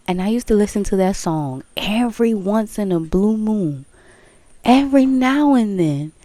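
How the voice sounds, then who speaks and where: A woman speaking slowly and candidly to her viewers about her spiritual path. Her voice is mellow and relaxed, and the sound is dry and close. She hammers points home by repeating phrases, with a swear word now and then. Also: mid-range voice, no echo. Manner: candid, emphatic, repeats phrases, laughs, swears, breaks into song. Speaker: spiritual vlogger. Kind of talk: casual spiritual talk to viewers.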